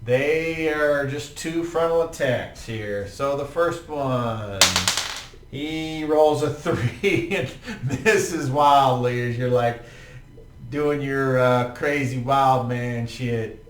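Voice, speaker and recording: Male game master, casual and profane, slow delivery, room echo. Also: mid-range voice, very noisy. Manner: laid-back, profane, vivid play-by-play. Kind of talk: narrating a tabletop game. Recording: roomy, distant mic with faint ambience.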